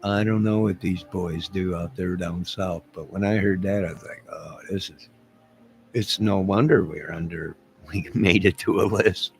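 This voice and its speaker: A man's voice: deep voice, steady tone, unhurried, creaky. A man talking to his camera in a rambling casual monologue, telling a story with asides and chuckles. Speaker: vlogger.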